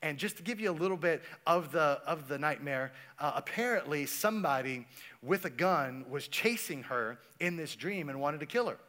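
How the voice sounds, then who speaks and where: A man's voice: a little high, lively intonation, normal speed, sharp tone. A man preaching a sermon, telling stories in a casual way and talking to the congregation. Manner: casual, storytelling, talks to the congregation. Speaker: pastor.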